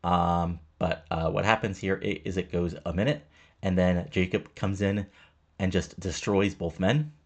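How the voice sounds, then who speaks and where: Deep-voiced man, quick casual game narration, rough and breathy. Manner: rambling, many fillers, reads out characters' lines in his own voice. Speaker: host narrating a wrestling simulation playthrough. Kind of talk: casual let's-play narration.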